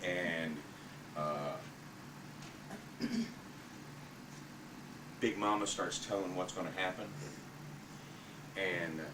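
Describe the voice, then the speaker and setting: A man's voice: sits low, very slow, long pauses, background noise. A man casually and hesitantly setting up his next performance for his family, hunting for the words. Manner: hesitant, searching for words, mumbled. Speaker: amateur performer entertaining family. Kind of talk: casual introduction. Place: family home. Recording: roomy, distant home video.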